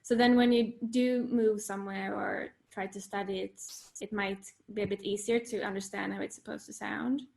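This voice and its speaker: A woman's voice: medium pitch, steady tone, normal speed, gravelly, a little mellow. A young woman from Sweden, a writer, chatting casually in an interview, laughing easily and often correcting herself. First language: Swedish. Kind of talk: casual video-call chat.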